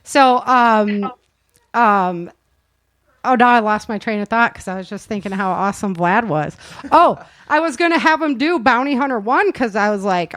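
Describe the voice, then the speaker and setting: A woman's voice: a little high, lively intonation, moderate pace, a bit bright, dry recording. A woman hosting a casual interview, chatty and enthusiastic and laughing often. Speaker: host of audio drama show.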